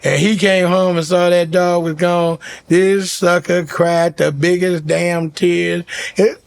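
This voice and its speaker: A middle-aged man with a raised, gravelly voice, spinning comic stories in a relaxed chat. He bursts into shouts and laughter as he acts out the people in them. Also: high-pitched, slow pace. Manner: loud, shouting punchlines, laughing, acting out voices. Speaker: comedian guest. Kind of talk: animated storytelling chat.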